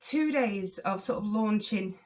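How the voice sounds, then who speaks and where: A woman driving instructor talking as a guest on a podcast, earnest and enthusiastic, with many pauses and ums. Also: medium pitch, animated, darkish tone. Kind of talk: casual podcast conversation.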